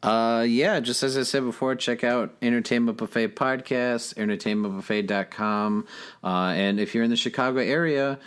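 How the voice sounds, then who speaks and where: A man co-hosting a podcast in casual chat, telling stories in a chatty, animated way. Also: mid-range voice, normal speed, smooth. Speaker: guest co-host.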